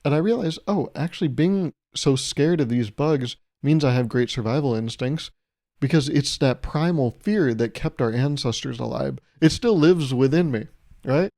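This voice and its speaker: A man's voice: medium pitch, normal speed, creaky, mellow. A man hosting a solo comedy podcast, rambling through stories in a self-mocking way and laughing often. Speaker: podcast host.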